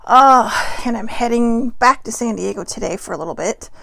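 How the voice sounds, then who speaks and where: A woman's voice: on the high side, normal speed, vocal fry, a bit bright, dry recording. A tired woman hosting her daily live video show from home on a personal mic, rambling chattily with lots of filler words and self-deprecating asides. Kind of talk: casual rambling morning chat.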